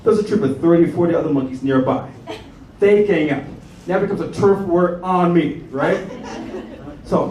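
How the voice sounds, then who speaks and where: A man's voice: high-pitched, normal speed. A man from Canada performing a stand-up comedy set, telling stories animatedly and acting out voices. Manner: animated storytelling with acted-out voices. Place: comedy club stage with audience laughter. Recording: echoey club room from a distance with noise.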